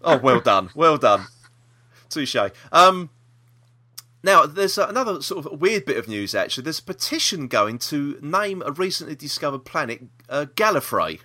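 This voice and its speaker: A man's voice: on the high side, big pitch swings, moderate pace, pushed and bright. A man co-hosting a casual podcast chat, rambling with restarts and laughter. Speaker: podcast co-host.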